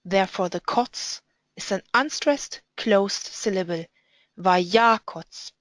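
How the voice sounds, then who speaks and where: A woman explains pronunciation rules in an instructional tone, stopping to read example words with careful enunciation. Her pace is slow and deliberate. The sound is dry, with no room echo. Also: mid-range voice, animated. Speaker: Hebrew reading teacher.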